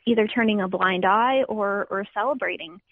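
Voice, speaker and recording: Hesitant woman with a gravelly voice over a phone line. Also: medium pitch, normal speed, dry recording. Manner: hesitant, many ums and restarts. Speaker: interview guest. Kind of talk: interview. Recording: tinny phone line, dry.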